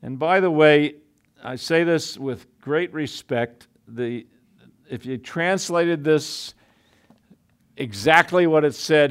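A man's voice: a little high, slow, clear, resonant tone. A man preaching a sermon in a conversational way, full of asides and restarts.

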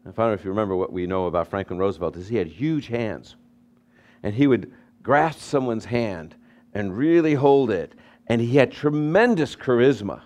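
Animated man preaching a sermon. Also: on the low side, normal speed. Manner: animated preaching with anecdotes, swinging loud and soft. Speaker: pastor.

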